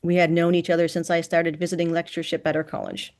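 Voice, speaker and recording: A woman narrating a first-person novel in an even, measured reading voice. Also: lowish voice. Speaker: audiobook narrator.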